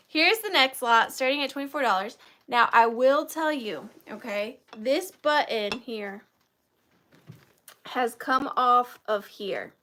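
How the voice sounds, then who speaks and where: A woman's voice: fairly high pitch, takes it slowly, pushed and bright. A woman in her thirties hosting a live vintage sale, chatty and self-deprecating, easily moved to tears. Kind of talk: chatty live-stream selling.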